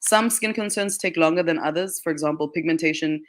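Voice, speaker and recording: A guest on a radio show, the marketing manager for a skincare brand, answers interview questions in the studio with a brisk, mid-range voice. She explains skincare in a chatty manner, laughing often and saying "like" a lot.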